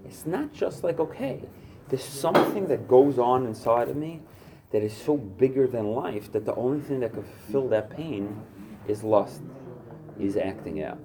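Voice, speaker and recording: A man's voice: mid-range voice, moderate pace, background noise. A man speaking to a recovery group workshop, earnest and searching, with many fillers as his talk builds in intensity. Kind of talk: personal share at a recovery workshop.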